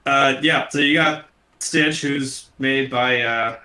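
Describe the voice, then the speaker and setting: Echoey rambling man, bright voice. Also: mid-range voice, fairly even intonation, takes it slowly. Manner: rambling, profane, many restarts. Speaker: podcast co-host. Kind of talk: casual film discussion.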